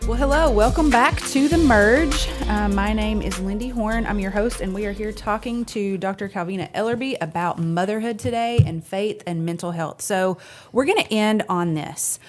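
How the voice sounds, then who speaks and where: A woman's voice: mid-range voice, moderate pace, over music. A woman with a mid-range voice hosts a talk show, welcoming listeners back and leading into a break. She speaks in a friendly way with short affirmations. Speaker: podcast host.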